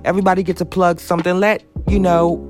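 A woman's voice: fairly low pitch, little pitch movement, fast talker. A woman recaps a reality show in a sassy, profane, sing-song way. She jokes and teases as she talks, and music plays under her voice. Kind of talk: casual comedic recap commentary.

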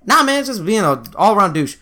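Male podcast co-host, animated and profane, wide pitch swings. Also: quick pace. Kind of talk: casual podcast chat.

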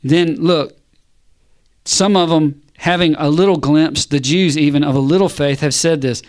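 A man preaching a sermon, animated and punchy, firing rhetorical questions and calls back to the congregation. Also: a little high, unhurried.

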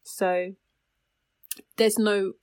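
A young woman telling a personal story in casual chat, lively and quick to laugh. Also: medium pitch, clean tone. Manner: animated storyteller, bursts into laughter.

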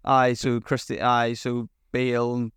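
A man's voice: mid-range voice, monotone, takes it slowly, smooth, no echo, studio quality. A young man, telling stories in a rambling way with lots of fillers and swearing as a podcast co-host. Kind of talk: casual chat.

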